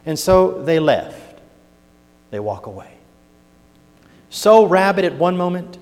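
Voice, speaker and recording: A man preaching a sermon, moving from hushed scripture reading to loud emphatic points, with folksy turns of phrase. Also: a little high. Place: church sanctuary. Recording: long hall reverb.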